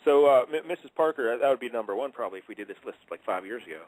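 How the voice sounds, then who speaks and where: A man's voice: mid-range voice, expressive, dry recording, rough recording. A man hosting a casual radio chat show who teases his co-hosts and keeps laughing. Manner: quick, giggly, teasing.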